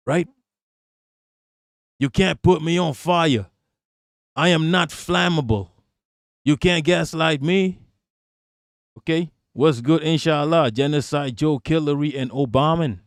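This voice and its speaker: Male stream host with a higher-than-usual voice and a dry, close sound, ranting hard and swearing freely. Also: dry recording. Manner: heated, profane, repeating for emphasis. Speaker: streamer reacting to political clips. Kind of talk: live-stream commentary.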